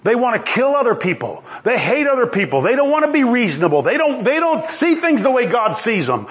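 A middle-aged male pastor preaching with a high, very lively voice. He swings up and down in pitch as he exclaims and acts out the voices he quotes. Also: fairly quick. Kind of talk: sermon.

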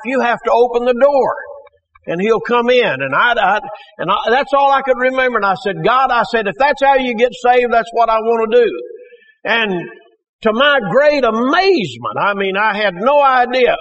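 A man's voice: high voice, a bit bright. A man giving a church testimony, telling his story in a folksy way and acting out the voices of people he quotes. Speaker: testimony speaker. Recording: dull lo-fi recording.

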